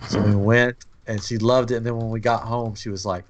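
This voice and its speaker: A man's voice: mid-range voice, normal speed, few pauses. A man in his thirties co-hosting a podcast, telling a family vacation story in a rambling, chatty way. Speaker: podcast co-host. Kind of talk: casual trip-story chat.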